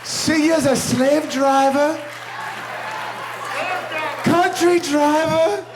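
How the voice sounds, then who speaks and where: A man's voice: very high-pitched, steady tone, very slow, poor audio. A man giving a brash, rambling roast toast at a club party, laughing between his jokes. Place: banquet room with guests. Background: crowd laughing.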